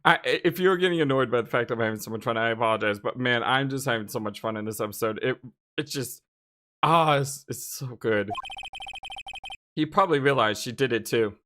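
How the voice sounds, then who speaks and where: A let's play host commentating on a courtroom video game, excitable, giggly and gushing. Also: medium pitch, brisk, a little hiss or hum. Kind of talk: gameplay commentary. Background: game music.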